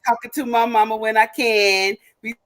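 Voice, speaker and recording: A woman's voice: a little high, fairly even intonation, moderate pace. A woman co-hosting a live stream, joking and teasing in casual banter. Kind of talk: casual chat.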